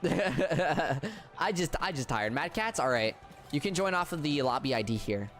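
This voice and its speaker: Tired, flat-voiced male game streamer. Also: fairly high pitch, soft background music. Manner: flat, subdued delivery with halting restarts. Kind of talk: casual livestream chat with viewers.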